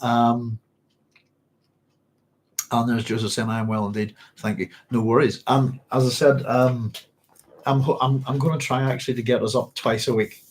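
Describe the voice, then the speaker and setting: A man with a mid-range voice and a level tone hosts a casual live-stream book club chat at a moderate pace, pausing often. He rambles with many ums and restarts, has hiccups and a sore throat, and the recording is low quality.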